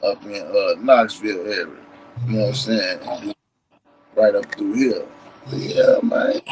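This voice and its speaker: A man with a Tennessee accent showing off maps and artifacts in a casual vlog, animated and emphatic, breaking into shouts. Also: lowish voice, measured pace, slight background noise, poor audio. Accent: Southern US, Tennessee. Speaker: history vlogger. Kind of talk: excited casual show-and-tell.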